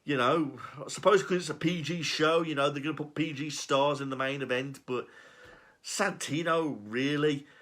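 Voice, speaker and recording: A man's voice: a little high, fairly even intonation, moderate pace, fairly bright tone. A man giving a sarcastic, profane, exasperated rant reviewing a wrestling show. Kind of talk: ranting review.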